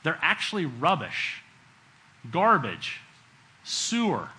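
A middle-aged man delivers a sermon in a bright, forceful voice that sits a little high for a man. He talks to the congregation conversationally, acts out the people in his story, and drops to a hush for emphasis. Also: wildly swooping pitch, slow pace, a little hiss or hum, poor audio. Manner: conversational preaching, acts out quotes, swings between loud and hushed. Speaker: preacher.

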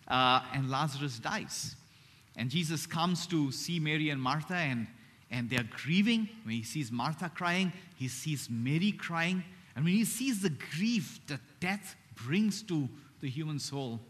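Earnest preacher man, hushed key phrases. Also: on the high side. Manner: earnest, slows and drops to a hush on key phrases. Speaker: pastor. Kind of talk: sermon.

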